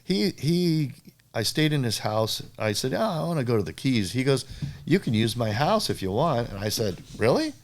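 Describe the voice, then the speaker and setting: A man's voice: mid-range voice, fairly quick. An older man, a surfboard shaper, animatedly telling stories in a casual interview and acting out other people's lines. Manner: animated storyteller who acts out other people's lines with a raised voice.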